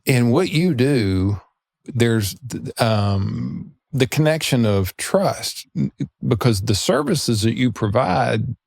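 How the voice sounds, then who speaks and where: Rambling, halting podcast host man. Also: mid-range voice, animated, creaky, a little mellow, no echo, clean studio sound. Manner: rambling, halting, laughs often. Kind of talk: casual interview chat.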